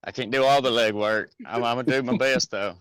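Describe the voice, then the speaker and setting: A man's voice: mid-range voice, fairly even intonation, a little fast, a bit bright, clean tone, dry recording, low-quality recording. A man co-hosting a podcast, joking and teasing in casual chat. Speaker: podcast co-host.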